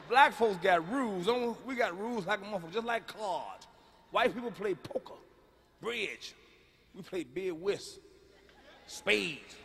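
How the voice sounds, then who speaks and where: A middle-aged man working a stand-up crowd, blunt and profane, with a high and cutting voice. His punchlines come out booming. The sound is a live stage mic with a long hall reverb and a faint murmur behind it. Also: expressive, unhurried, creaky, long pauses, fairly bright tone, a little hiss or hum. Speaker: stand-up comedian. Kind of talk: stand-up routine. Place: large concert venue.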